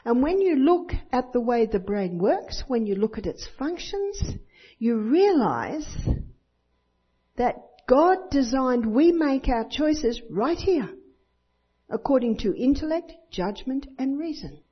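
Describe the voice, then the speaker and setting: A woman's voice: high voice, sing-song, slow pace, husky. An older woman giving a sermon, telling personal stories and acting out the voices of children. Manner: storytelling, acts out voices of children and others. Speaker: Christian speaker. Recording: dull lo-fi recording.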